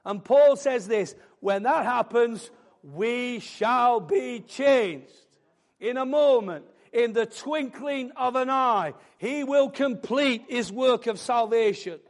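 A man preaching a sermon, building fervently into loud, emphatic declarations. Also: very high-pitched, takes it slowly.

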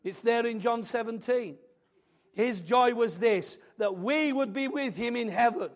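High-voiced fervent male preacher. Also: unhurried. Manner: fervent, rising to loud declarations. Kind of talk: sermon.

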